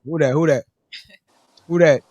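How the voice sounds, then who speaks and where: A man's voice: fairly high pitch, normal speed, dry recording, highs cut off. A man hosting a podcast in a barbershop, giving short reactions and teasing the guest in casual chat. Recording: lively room with crowd chatter. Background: crowd chatter.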